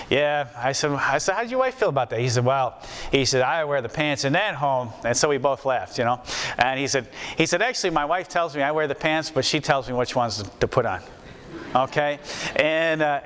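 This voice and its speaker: A man's voice: on the high side, a bit bright, slight background noise. Folksy preacher man in a reverberant hall. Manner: folksy, repeats phrases for emphasis. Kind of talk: sermon.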